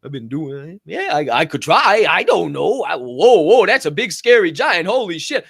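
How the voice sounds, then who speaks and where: A man's voice: medium pitch, animated, a little fast, dry recording, studio quality, voice pushed down, natural voice. A man putting on a hesitant, stammering young shepherd boy facing a giant.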